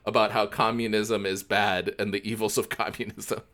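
Low-voiced man chatting about a movie. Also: normal speed. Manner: animated storyteller, does mock voices. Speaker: podcast co-host. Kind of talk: casual movie discussion.

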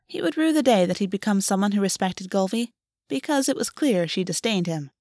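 Female storyteller reading fantasy fiction, steady and even, middle pitch, close dry mic. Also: fairly quick, dry recording. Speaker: audiobook narrator. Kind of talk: fiction read-aloud.

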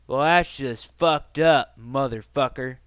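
A man's voice: mid-range voice, slow pace, smooth, no echo, studio quality, close to an everyday voice. A man voicing his angry younger brother, who swears hard and threatens him over the phone. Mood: furious. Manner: profane, aggressive, confrontational.

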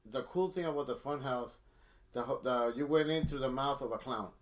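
A man's voice: mid-range voice, normal speed. A middle-aged man telling a long story in casual chat, rambling with many restarts. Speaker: storyteller guest.

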